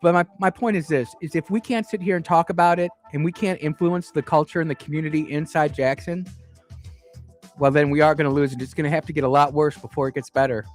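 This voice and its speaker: A man's voice: on the high side, steady tone, quick pace, soft background music. A man hosting a talk radio show from a studio, speaking with passion and often repeating himself or restarting sentences. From Mississippi.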